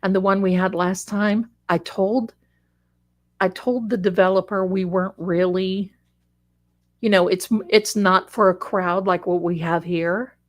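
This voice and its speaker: A woman's voice: mid-range voice, fairly even intonation, measured pace. A woman hosting a psychic livestream, chatting casually and rambling, calling her viewers "my darlings.". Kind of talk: casual live-stream chat.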